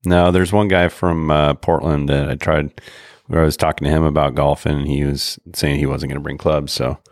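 A man co-hosting a podcast, chatting casually in a rambling, halting way with lots of pauses. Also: extremely low pitch, flat delivery, dry recording, studio quality. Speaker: podcast co-host. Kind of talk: casual chat.

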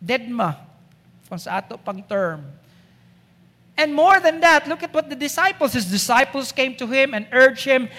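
A woman's voice: high-pitched, expressive, moderate pace, fairly bright tone. A woman preaching a sermon in a church, emphatic and asking the congregation rhetorical questions. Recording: echoey church hall.

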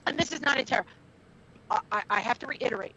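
A woman's voice: a little high, fast talker, bright, forceful tone, slight background noise. A middle-aged woman and former wrestler telling a heated story in blunt, profane casual talk. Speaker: former wrestler, podcast guest. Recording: dull lo-fi recording.

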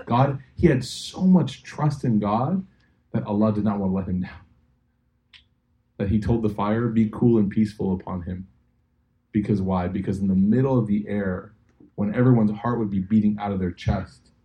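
Animated storytelling male lecturer, warm voice. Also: fairly low pitch. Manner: animated storytelling, acting out quotes, jokey asides. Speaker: imam lecturer. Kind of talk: lively religious lecture to a live audience.

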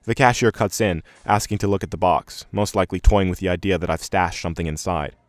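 Deep-voiced man narrating fiction. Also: fairly even intonation, fast talker, no room sound, clean studio sound. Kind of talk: first-person fiction narration.

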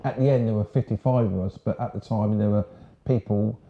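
A man's voice: on the low side, steady tone, brisk, slight background noise. A man in his sixties from Sussex, England, a former marine telling his story in a casual, frank, rambling way. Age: 60s. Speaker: guest, ex-marine. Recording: roomy, dull lo-fi sound.

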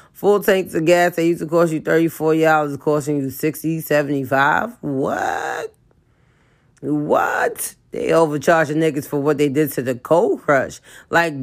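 A woman ranting in a profane, comedic way, with her voice jumping high and loud in heated outbursts. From New York.

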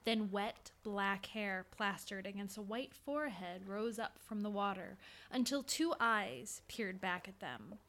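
A woman narrating a spooky fiction episode in a measured, suspenseful storytelling manner. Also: mid-range voice, fairly bright tone.

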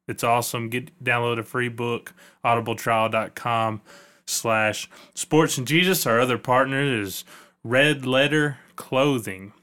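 A man's voice: medium pitch, bright, forceful tone, clear, resonant tone. A man hosting a podcast, chatting loosely and joking his way through sponsor reads. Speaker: podcast host. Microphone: podcast microphone.

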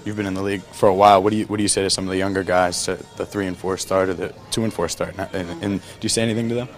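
Quick low-voiced sports reporter. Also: male voice, level tone, soft background music. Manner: halting, repeats words when starting questions. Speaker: sports reporter interviewing a player. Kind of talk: locker-room interview questions.

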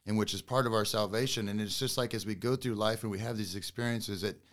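A man's voice: fairly low pitch, fairly even intonation, fast. A man appearing as a podcast guest, speaking earnestly and plainly about faith with folksy comparisons. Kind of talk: casual faith conversation.

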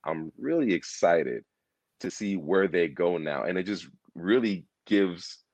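A man's voice: low-pitched, a little slow, dry recording. A man chatting casually about a TV series, rambling, repeating himself and acting out lines as he talks. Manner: animated, rambling, repeats himself, acts out quotes. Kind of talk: casual pop culture discussion.

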